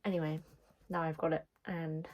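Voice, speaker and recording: A woman's voice: low voice, fairly even intonation, moderate pace, a little mellow, poor audio. A woman chatting casually to camera about books, self-deprecating and sometimes dropping into whispered asides. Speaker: book vlogger.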